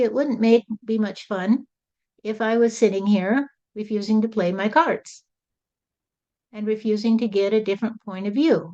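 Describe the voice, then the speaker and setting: Woman channeling Jesus as a plain-talking, folksy male spirit: mellow voice, muffled lo-fi sound. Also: mid-range voice, lightly acted. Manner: folksy, rambling, repeats "you see". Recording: dull lo-fi recording.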